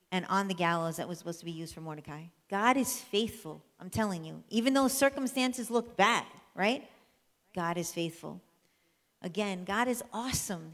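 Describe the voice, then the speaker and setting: A woman telling a Bible story as a sermon, lively and conversational, drawing the listeners in. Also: mid-range voice. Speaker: church speaker. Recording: long reverb of a large hall.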